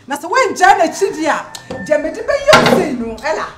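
A high, animated young woman's voice with a Ghanaian accent. She talks in a possessive, threatening way. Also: brisk, heavily acted. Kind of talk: film drama dialogue.

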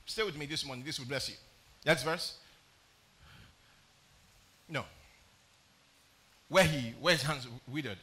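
Bright-voiced man preaching a sermon. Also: fairly high pitch, a little slow, pauses often. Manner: emphatic, often asks the congregation questions; reads scripture aloud, then explains it. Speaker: pastor. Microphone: streamed live sermon.

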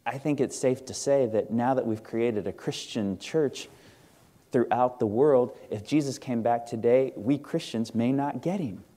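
In a church sanctuary, a male pastor with a Midwestern American accent preaches a sermon, earnest and conversational, putting questions to the congregation. His voice is medium-pitched, unhurried and dark in tone.

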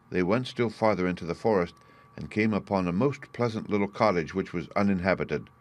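Deep-voiced man reading a fairy tale. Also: a little fast. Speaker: storyteller. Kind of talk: scripted fairy tale narration for English learners.

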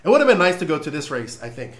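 Man hosting a live stream from his home studio, higher voice with lots of swing in his pitch, joking nervously. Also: very animated, racing. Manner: nervous, joking, stalling, reading labels aloud. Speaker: podcast host doing a livestream. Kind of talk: casual livestream chat.

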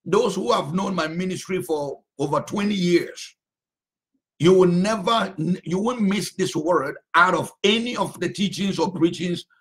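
A man's voice: high voice, measured pace. A male pastor preaching a sermon, drawing out phrases and repeating them for emphasis.

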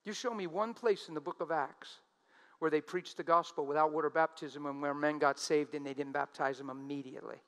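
A male preacher with a high voice delivers a sermon in an animated way. He stretches out the words he quotes, slowing right down to press each phrase home. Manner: animated, drawn-out emphatic quotes.

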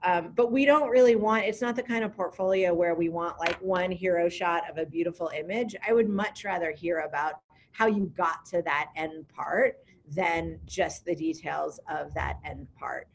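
A woman with a somewhat low, gravelly voice runs an online information session in a chatty, upbeat manner, often filling pauses with ums. A faint background noise sits under the recording. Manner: upbeat, conversational, frequent ums. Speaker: program director.

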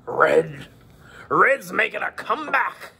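A male teacher running a playful lesson for children, cracking pirate jokes and slipping into a gruff pirate voice. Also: high-pitched, very animated, slow, sharp tone, slight background noise. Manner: hammy, joking, slips into a gruff pirate voice.

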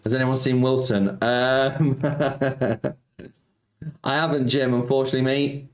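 A man with a mid-range voice hosts a laid-back slots live stream, talking in a level tone at a slightly slow pace. He's chatty, reading viewers' messages aloud, answering them, and saying "mate" often. The room echoes, with music playing in the background.

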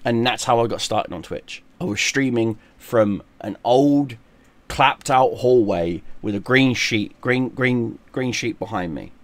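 A man's voice: mid-range voice, a little slow, dry recording. A middle-aged man, a gaming streamer, delivering a long profane rant straight to camera. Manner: swears heavily, shouting in bursts.

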